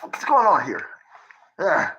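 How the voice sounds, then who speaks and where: A man's voice: high voice, huge pitch swings, takes it slowly, pushed and bright, lo-fi sound, a little hiss or hum. A man in his thirties giving a rambling, profane livestream monologue, lecturing his viewers with rhetorical questions in a conspiratorial tone. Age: 30s.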